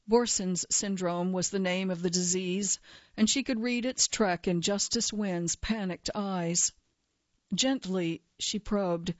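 A woman reads a story aloud for a reading-service broadcast. Her delivery is measured and even. The sound is dry and a little muffled. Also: mid-range voice, no room sound. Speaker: volunteer reader for a reading service. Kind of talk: scripted narration of a magazine story. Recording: dull dry broadcast recording.

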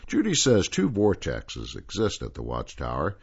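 A man reading articles aloud and then telling a story as host of a reading service program, in a calm, measured way. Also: sits low, breathy edge, dull audio. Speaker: volunteer radio reader and host.

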